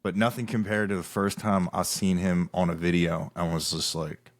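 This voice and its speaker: A man hosting a podcast in relaxed casual chat, quoting others in a raised voice. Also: sits low, moderate pace, no room sound, studio quality. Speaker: podcast host.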